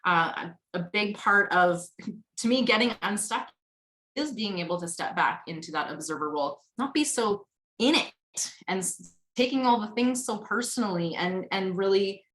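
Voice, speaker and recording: A woman's voice: medium pitch, expressive, moderate pace, a bit bright, low-quality recording. A woman guest on a video call, talking candidly and at length, with casual swearing. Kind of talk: candid conversational sharing.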